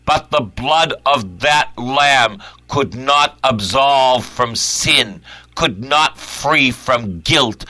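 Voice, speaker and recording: A male preacher in prayerful preaching, who repeats his phrases and swings from loud cries to hushed whispers. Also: mid-range voice, no echo.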